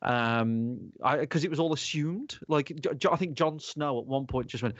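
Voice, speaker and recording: Male podcast host, animated and foul-mouthed, middle pitch, muffled dry recording. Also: normal speed, hardly any pauses, no room sound. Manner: animated, sweary, rambling. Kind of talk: casual podcast chat. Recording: dull lo-fi sound.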